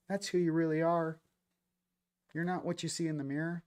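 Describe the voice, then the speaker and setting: A man hosting a casual spiritual talk show, ranting animatedly, swinging between loud bursts and low, intense passages, with playful sound effects and mock voices. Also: level tone, normal speed, pauses often, clear, resonant tone. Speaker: host.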